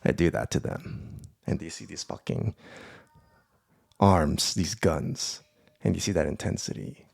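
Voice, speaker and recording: A man hosting his own podcast in a casual, profane, excitable ramble about his life. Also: low voice, measured pace, vocal fry, pauses often, breathy edge, dry recording. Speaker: podcast host. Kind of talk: casual solo podcast monologue.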